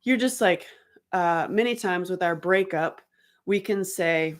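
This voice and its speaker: A woman's voice: fairly low pitch, unhurried. Candid, rambling woman teaching self-help. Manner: rambling, candid, emotional, with many fillers and restarts. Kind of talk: casual unscripted teaching talk.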